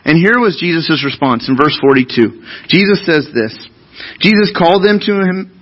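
Husky-voiced pastor preaching earnestly. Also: male voice, on the high side, animated, normal speed, dull audio. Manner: earnest, conversational preaching with rhetorical questions. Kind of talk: sermon.

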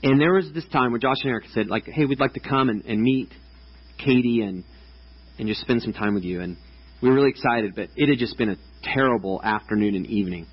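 Chatty man preaching, husky voice. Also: medium pitch, fast, lo-fi sound. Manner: casual, chatty preaching with many "like"s and restarts. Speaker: pastor. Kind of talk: sermon. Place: church stage before a congregation.

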